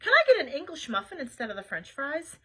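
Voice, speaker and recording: A woman's voice: high-pitched, wildly swooping pitch, fast, a bit bright, heavily acted. A woman voicing a polite mother ordering breakfast on a family trip.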